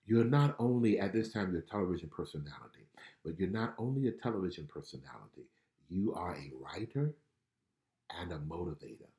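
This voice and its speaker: A middle-aged man speaks as a spiritual life coach on a livestream, his voice rising and falling with lively pitch. He enunciates carefully and talks gently and personally to viewers. The sound is picked up in an echoey room. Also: brisk. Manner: gentle, conversational, reads viewer comments aloud; enunciates clearly, former radio announcer. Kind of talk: live online prayer and prophetic encouragement.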